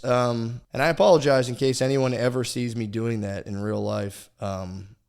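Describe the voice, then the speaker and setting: A man's voice: medium pitch, fairly even intonation, moderate pace, vocal fry, hardly any pauses, darkish tone, clean tone. A man hosting a podcast in casual chat, rambling and self-deprecating, swearing a lot and restarting his sentences often. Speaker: podcast host.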